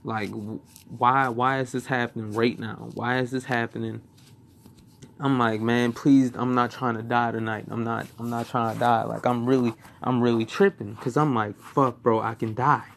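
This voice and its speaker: A man's voice: mid-range voice, fairly even intonation, normal speed, gravelly, fairly bright tone. A young man casually telling a personal story, swearing, rambling and repeating himself.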